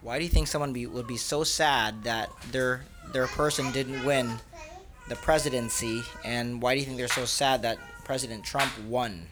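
A man's voice: mid-range voice, fairly even intonation, moderate pace. Father patiently questioning his kids. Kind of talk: casual family chat.

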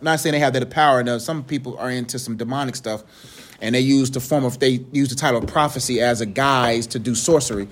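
A man's voice: medium pitch, fast talker. A young man giving a casual, joking sermon in slangy, conversational speech. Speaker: preacher.

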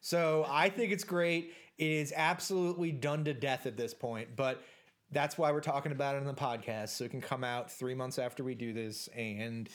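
A man's voice: medium pitch, steady tone, normal speed. Rambling jokey male podcast host. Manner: rambling, jokey, filler-heavy. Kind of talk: casual podcast banter.

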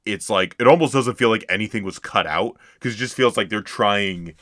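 A man co-hosting a movie podcast, chatting casually and excitably with frequent laughs. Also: lowish voice, a little fast, no room sound, clean studio sound. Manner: excitable, laughs often, trails off. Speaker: podcast co-host. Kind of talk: casual chat.

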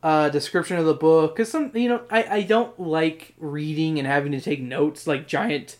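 A man's voice: fairly high pitch, moderate pace, darkish tone. A man hosting a podcast in casual chat, rambling and swearing often, with frequent laughs. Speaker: podcast host.

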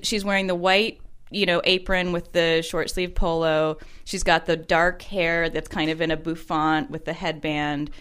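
A woman's voice: sits low, flat delivery, measured pace, a bit bright, clear, resonant tone. A woman co-hosting a casual chat show about commercials, explaining at length in a thoughtful, wordy way. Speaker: podcast co-host.

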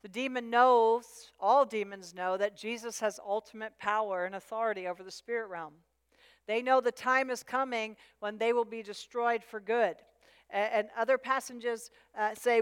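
A woman's voice: fairly high pitch, steady tone, moderate pace, clear, resonant tone. A woman preaching a sermon with emphasis, repeating her key phrases. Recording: long hall reverb.

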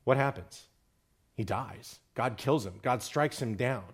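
A man delivering a sermon in an ordinary middle-pitched voice. He builds in pitch and volume when he drives a point home, then sinks low and soft for the grave lines. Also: measured pace, husky. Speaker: preacher.

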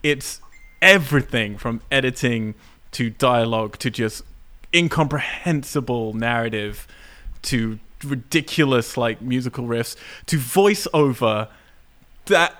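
A man co-hosting a casual podcast who rants about a film with animated, laughing criticism. He is from the United Kingdom. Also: medium pitch, a little slow. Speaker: podcast co-host.

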